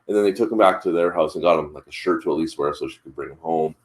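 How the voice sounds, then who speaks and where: A man with a very low voice chats casually as the host of a morning show. He tells a rambling family story and keeps circling back with "like" and restarts. His delivery is loose and conversational. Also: fairly even intonation, quick pace, fairly bright tone. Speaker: father.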